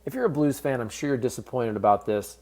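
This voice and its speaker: Man, sports commentary, conversational, candid, average pitch. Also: quick pace, darkish tone. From based in St. Louis. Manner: conversational, candid, fan-focused. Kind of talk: casual commentary vlog.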